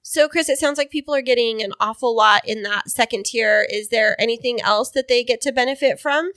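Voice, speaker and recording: A woman's voice: fairly high pitch, fairly quick, a bit bright, dry recording. A woman co-hosting a casual podcast in a home studio, teasing and laughing easily. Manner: teasing, giggly, playful. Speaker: podcast co-host. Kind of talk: casual chat.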